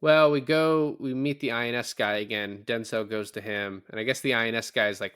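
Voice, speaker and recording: A man's voice: medium pitch, fairly even intonation, a little fast, hardly any pauses, a bit bright, clean tone, no room sound, studio quality. A man co-hosting a podcast, casually recapping a film, acting out quoted lines and swearing freely. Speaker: podcast co-host. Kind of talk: casual movie recap chat.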